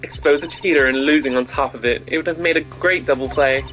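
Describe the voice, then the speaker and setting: A man voicing a scheming young woman card sharp with a sly, boastful manner, reading game dialogue aloud. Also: a little high, fairly even intonation, quick pace, soft background music, close to an everyday voice. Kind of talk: game dialogue read-along.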